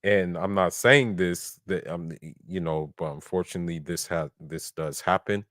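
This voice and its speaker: Blunt male podcast host, low voice, dry close mic. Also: normal speed, a bit bright, no echo. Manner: blunt, argumentative, recites verses in Arabic. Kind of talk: casual debate talk.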